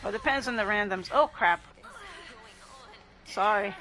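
There's a little hiss or hum as a woman with a medium-pitched, sharp-toned voice talks with viewers during a gameplay livestream. Her pace is measured with long pauses, and she laughs frequently while welcoming chatters by name.

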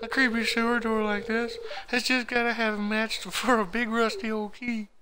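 A man voicing a curious young village boy with an odd accent, in a squeaky high put-on voice, over game music. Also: flat delivery, moderate pace, background noise. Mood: eager, secretive. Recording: game music playing behind.

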